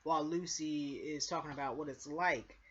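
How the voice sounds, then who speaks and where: A woman's voice: deep voice, fairly even intonation, normal speed, a bit bright, breathy edge. A woman casually recapping a TV episode, rambling with lots of fillers and acting out what characters said. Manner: rambling, filler-heavy retelling, acting out quotes. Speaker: TV show reviewer. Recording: dull lo-fi recording.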